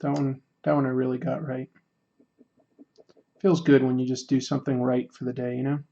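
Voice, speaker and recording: A man's voice: mid-range voice, little pitch movement, moderate pace, creaky, warm tone, muffled recording. Easygoing male streamer chatting. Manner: reads chat aloud, self-deprecating and joking. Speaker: livestream host. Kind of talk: casual livestream chat while drawing.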